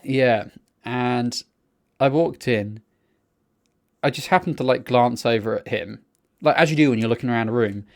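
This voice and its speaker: A man co-hosting a casual podcast, telling rambling, sweary anecdotes in a relaxed chatty way. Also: medium pitch, normal speed, pauses often. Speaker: podcast co-host.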